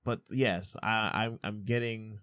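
A man in his thirties co-hosting a podcast, chatting casually, playful and animated, swearing freely. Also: lowish voice, slow pace, clean tone, dry recording, studio quality. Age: 30s. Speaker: podcast co-host. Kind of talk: casual chat. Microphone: studio microphone.

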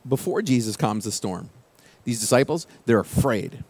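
A male pastor preaching a sermon in a conversational way, dropping his voice low and quiet for key quoted phrases. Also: expressive, moderate pace, slightly rough.

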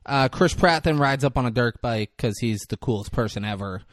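A man's voice: medium pitch, fairly quick, dry recording, studio quality. A young man casually recapping a movie on a podcast, swearing, laughing often and acting out lines from scenes. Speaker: podcast co-host.

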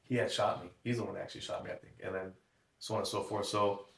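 Low-voiced man telling an emotional story. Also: level tone, fast talker, creaky, a bit bright. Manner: storytelling, acting out quoted dialogue. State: tearful, shaky. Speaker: guest. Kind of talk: emotional personal testimony. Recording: echoey room, mic at a distance.

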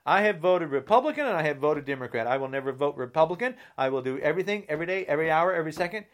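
Man ranting furiously, wildly swinging pitch. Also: expressive, very fast. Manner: heated, insulting, swings from shouting to low growl. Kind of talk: angry political rant to camera.

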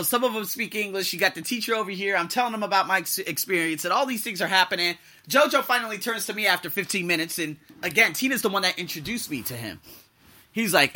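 A man telling a personal story in casual vlog style, acting out the voices of people he quotes and swinging from loud outbursts to quiet asides. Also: sits high.

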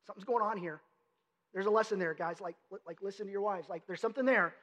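A man preaches a sermon in a conversational, emphatic way, pressing his listeners with rhetorical questions. His voice sits unusually high for a man. The sound carries a long hall reverb from a church sanctuary. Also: fairly even intonation, fast, a bit bright. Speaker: pastor.

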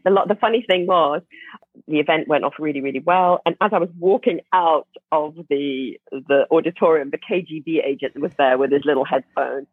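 A woman tells a story to a podcast host with plenty of laughter and false starts. Her voice comes through husky and dry over a tinny phone line. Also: sits low, no echo. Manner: animated, laughing, many restarts. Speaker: podcast guest. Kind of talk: casual storytelling.

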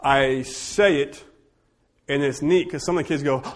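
A man who is a teacher, leading a church group discussion and telling stories in an animated, joking way. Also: medium pitch. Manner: animated, jokey storyteller with quick asides. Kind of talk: casual group discussion with storytelling.

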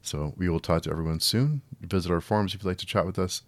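A man's voice: low-pitched, fast, no room sound. A man hosting a solo film review podcast, talking casually with frequent restarts and an exasperated tone. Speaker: podcast host.

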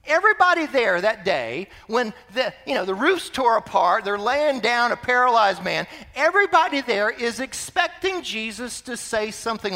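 A male pastor preaching a sermon in an animated way, full of rhetorical questions. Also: very high-pitched, moderate pace, few pauses, big-room sound.

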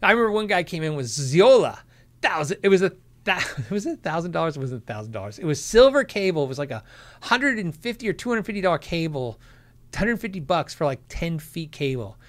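Middle-aged male host, casual livestream chat, high lively voice, quick to laugh. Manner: animated, laughs often, acts out quotes. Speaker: livestream host answering viewer questions.

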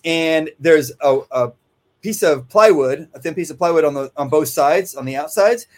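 Rambling man with a slightly high voice. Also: moderate pace. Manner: rambling, conversational, frequent "right?" asides. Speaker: dog trainer. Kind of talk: casual instructional talk. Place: kennel office.

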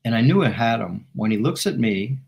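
A man's voice: medium pitch, brisk, creaky. A middle-aged man, a former football team executive, telling a story as a guest and acting out the dialogue. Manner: animated anecdote teller who acts out the dialogue. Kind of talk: storytelling in a talk show interview.

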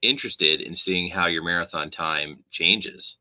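A man's voice: sits low, pushed and bright, no room sound. A man co-hosting a casual podcast, teasing and asking curious questions. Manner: curious, teasing, quick to laugh. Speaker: podcast co-host. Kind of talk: casual chat.

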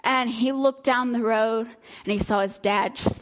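Woman, fairly high voice, casual Bible story retelling, chatty, animated. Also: a little slow. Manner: chatty, animated, laughs between lines.

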